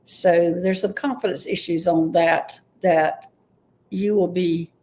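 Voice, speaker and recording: A woman's voice: on the low side, fairly even intonation, slow, a little mellow. Woman, intuitive reader, live stream, tentative, hesitant, unsure of herself. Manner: tentative, often unsure of her messages. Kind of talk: live-streamed psychic reading.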